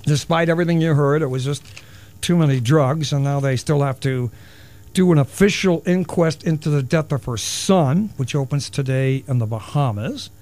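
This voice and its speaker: A man's voice: fairly high pitch, normal speed, a little mellow. Wisecracking male radio talk host. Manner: rambling, wisecracking, self-mocking. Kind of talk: solo radio talk, taking calls. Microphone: studio broadcast mic.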